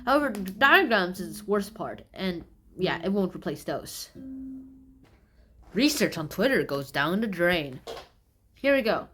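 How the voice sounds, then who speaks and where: A woman's voice: mid-range voice, very animated, a little slow, pushed and bright, faint music behind. A woman casually summarizing science news from a magazine, in a loose, rambling way with playful asides.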